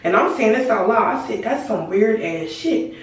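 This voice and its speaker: A woman's voice: fairly high pitch, animated, moderate pace. Blunt teenage girl in an echoey room. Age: teens. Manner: blunt, swears freely, acts out dialogue. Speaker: vlogger telling a story. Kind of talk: casual storytime monologue. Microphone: camera mic at a distance. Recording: very echoey room, far from mic.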